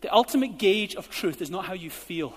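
A man's voice: high-pitched, expressive, brisk, husky. Man, pastor, emphatic sermon, long hall reverb. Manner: emphatic, rising to forceful exhortation. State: out of breath.

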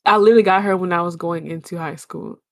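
Give me a young woman, retelling a story in a lively, animated chat. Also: fairly low pitch, fast talker. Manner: animated storytelling, acts out her own shouts. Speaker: storyteller in casual podcast chat. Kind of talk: casual chat.

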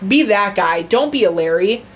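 A woman's voice: medium pitch, animated, normal speed, rough recording. A woman co-hosting a casual true-crime podcast, talking in a rambling, profane way with lots of fillers. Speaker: podcast co-host.

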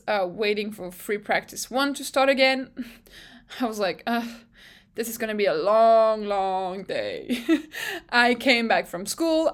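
A woman's voice: medium pitch, fairly bright tone. A young woman from France with a French accent, chatting casually and giggling as she recaps a race weekend, swearing freely and using lots of fillers. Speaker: vlog host.

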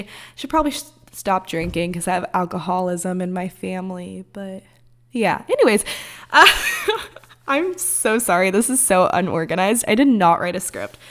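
In her early twenties, this podcast host has a mid-range, fairly bright voice. She rambles casually and swears freely as she talks.

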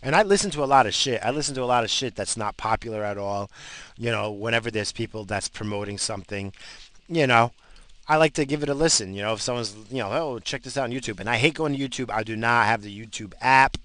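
A man's voice: medium pitch, quick pace, a bit bright, dry recording, low-quality recording. A man, rambling profanely as a casual podcast host while driving. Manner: profane, blunt, bursts of road rage.

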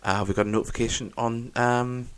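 A chatty man hosts a casual podcast. He rambles through listener messages in a mid-pitched voice. The sound is dry and close. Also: flat delivery, a little fast, clear, resonant tone, no echo. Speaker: podcast host. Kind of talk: casual fan podcast chat.

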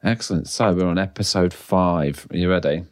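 A man's voice: deep voice, moderate pace, a little hiss or hum. A man from England co-hosting a podcast in casual, jokey chat, laughing often. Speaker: podcast co-host.

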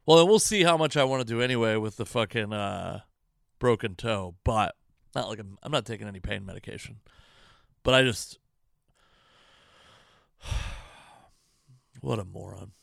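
A man's voice: fairly low pitch, normal speed, gravelly, long pauses, fairly bright tone, dry recording, clean studio sound. A comedian hosting his own podcast, ranting casually in an exasperated, profane, rambling way about his bad week at home. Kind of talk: casual self-deprecating monologue.

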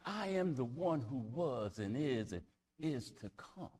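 A male pastor delivering a sermon at an unhurried pace. His pitch rises and falls widely as he moves between ringing declarations and hushed near-whispers. He reads scripture aloud and repeats words to build emphasis. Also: big pitch swings, husky. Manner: reads scripture aloud in King James wording.

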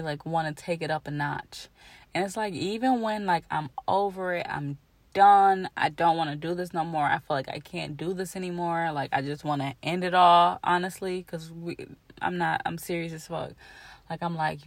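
A woman's voice: on the low side, no room sound. A young woman hosting her own podcast, talking in a rambling, emotional way full of "like" and restarts. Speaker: podcast host. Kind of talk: casual personal monologue.

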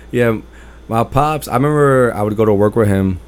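A man hosting a podcast, telling personal stories in a loud, emphatic, rambling way. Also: lowish voice, a little slow, smooth. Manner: rambling with restarts and fillers. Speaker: podcast host. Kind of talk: casual personal storytelling monologue.

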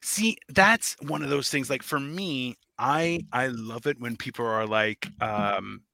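A man in casual comedic podcast chat, telling stories with animated acted-out dialogue and plenty of swearing. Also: medium pitch, slow, vocal fry, no echo. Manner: animated storytelling, acts out quoted dialogue, swears freely. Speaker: podcast guest or co-host.

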